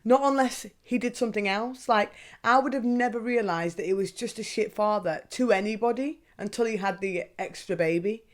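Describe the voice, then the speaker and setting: A young woman hosting a podcast, talking casually and candidly, swearing freely and asking herself questions out loud. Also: mid-range voice. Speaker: podcast host. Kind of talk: casual monologue.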